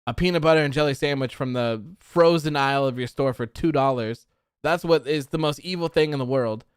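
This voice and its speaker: Young man, casual livestream host, frustrated, rambling, smooth voice, dry sound. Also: medium pitch, a little fast, dry recording. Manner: frustrated, rambling, reads chat comments aloud. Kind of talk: casual wrestling post-show chat.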